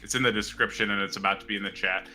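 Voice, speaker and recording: Man hosting a stream, halting and bright. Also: on the low side, fairly even intonation, soft background music. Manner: halting, filler-heavy, repeats words. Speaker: stream host and moderator. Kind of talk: casual livestream hosting.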